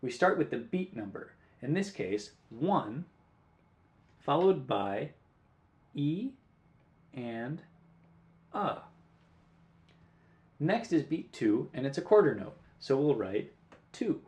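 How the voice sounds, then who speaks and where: A man's voice: medium pitch, sing-song, unhurried, darkish tone. Patient male guitar teacher, roomy sound. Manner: clear, patient counting aloud. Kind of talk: music lesson. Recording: roomy echo.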